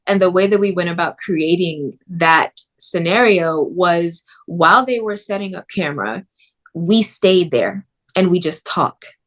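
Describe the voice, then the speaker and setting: A woman speaks in a slightly low voice, telling her stories with lively expression. She sounds relaxed and conversational, a guest in an interview. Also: measured pace. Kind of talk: casual interview.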